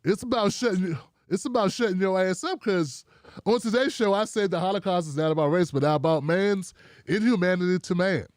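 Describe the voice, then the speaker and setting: A man's voice: high voice, fairly quick, dry recording, studio quality. A man hosting a commentary show, talking casually and mockingly and repeating himself for effect.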